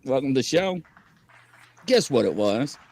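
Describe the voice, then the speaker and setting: Lively man telling a tall tale. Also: medium pitch, measured pace. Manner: animated, rambling storyteller who laughs often. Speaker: host of a paranormal variety show. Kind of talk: casual livestream chat.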